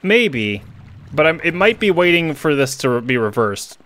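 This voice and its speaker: A man's voice: a little high, big pitch swings, moderate pace, a bit bright. A man streaming a video game, chatting casually with friends and laughing often. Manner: giggly, laughs often while playing. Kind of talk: casual let's-play chat.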